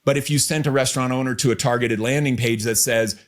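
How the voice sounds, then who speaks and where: A male podcast host with a mid-range voice, talking casually about business strategy. He keeps it relaxed and likes to tease, circling back to repeat his main points. His pitch sits right in the middle for a man. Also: quick pace, few pauses. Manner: relaxed, teasing, repeats key phrases.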